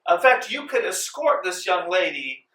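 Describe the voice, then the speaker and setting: Pompous high-society lady for a tabletop game; bright, shrill, gushing, recorded at a distance in a roomy space. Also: animated, a little slow, heavily acted. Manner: theatrical, gushing and condescending. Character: haughty wealthy lady of the house. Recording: echoey room from far off.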